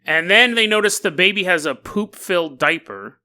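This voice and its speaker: A man's voice: high-pitched, animated, normal speed, bright, forceful tone. A man hosting a podcast, retelling a news story as a comedy bit with jokes, tangents and laughs mid-sentence. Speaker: podcast host.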